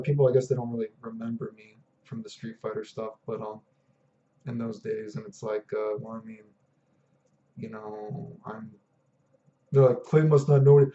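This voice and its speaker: A man's voice: medium pitch, dark tone, a little hiss or hum. A man ranting in a vlog, profane, exasperated and sarcastic. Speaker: vlogger. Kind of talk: ranting monologue. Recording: dull lo-fi audio.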